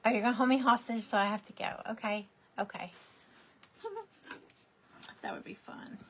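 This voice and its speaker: A woman's voice: fairly high pitch, steady tone, moderate pace, fairly bright tone. A woman, chatting casually while she crafts, rambling through stories with lots of fillers and restarts. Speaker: crafting vlogger.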